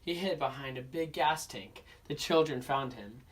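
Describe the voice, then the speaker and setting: A young man, a student, narrating a children's picture book aloud for an oral interpretation class in a steady storybook manner. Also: mid-range voice, moderate pace, far from the mic, noisy background. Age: young adult. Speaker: student reader.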